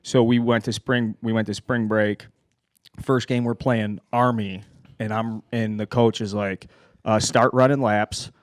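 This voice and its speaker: A man hosting a casual sports podcast and telling animated, profane anecdotes. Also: fairly low pitch, a little slow, no room sound, clean studio sound. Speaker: podcast host.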